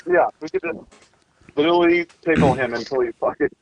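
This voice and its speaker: A man's voice: fairly high pitch, fairly quick, creaky, no echo, poor audio. A man chatting casually on a group podcast, telling stories with lots of laughter. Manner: laughing, excitable storyteller.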